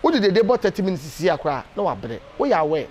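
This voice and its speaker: A Ghanaian man giving an animated, emphatic casual interview, full of hesitation fillers. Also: high-pitched, fast talker, a little hiss or hum. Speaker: interview guest.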